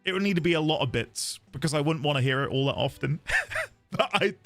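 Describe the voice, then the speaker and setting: A man's voice: on the high side, expressive, fast, fairly bright tone, soft background music. Chatty man streaming a game. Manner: chatty, playful, laughs often, reads chat aloud. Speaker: livestreaming gamer. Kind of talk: casual live-stream chat.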